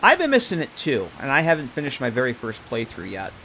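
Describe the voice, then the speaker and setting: A man's voice: mid-range voice, wildly swooping pitch, quick pace, sharp tone, a little hiss or hum. A man streaming a game live, chatting casually with viewers and joking with characters as he plays.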